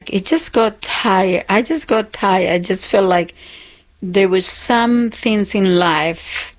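A woman's voice: mid-range voice, slow pace, poor audio. An older woman in a radio interview, talking candidly and emphatically about her past. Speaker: interviewee, former punk drummer. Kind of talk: reflective interview.

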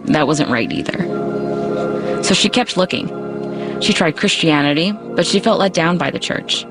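A woman's voice: sits low, animated, over music. Female radio reporter narrating a feature. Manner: measured, storytelling delivery. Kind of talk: scripted news feature narration.

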